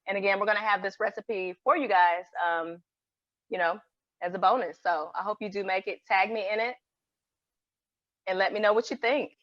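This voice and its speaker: A woman's voice: medium pitch, moderate pace, pauses often, dry recording. A woman in her forties, a vegan cook talking casually as a podcast guest, effusive and eager to promote herself. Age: 40s. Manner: effusive, plugs her social media. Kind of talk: casual chat. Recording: dull, dry, lo-fi sound.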